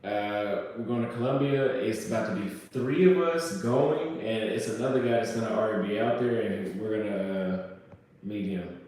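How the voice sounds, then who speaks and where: A man from the United States casually telling a travel story, swearing and acting out shouted quotes. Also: fairly low pitch, normal speed. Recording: very echoey room, voice from far off.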